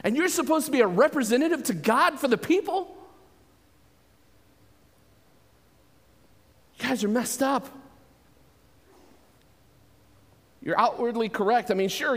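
A man preacher voicing an indignant adult man who loudly scolds religious leaders. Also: sits high. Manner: loud, scolding, emphatic. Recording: long hall reverb.

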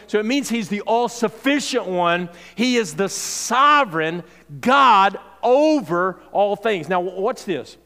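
A man's voice: high voice, fairly bright tone. A man preaching a sermon in a conversational way, often restarting phrases and checking in with "okay?". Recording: long hall reverb.

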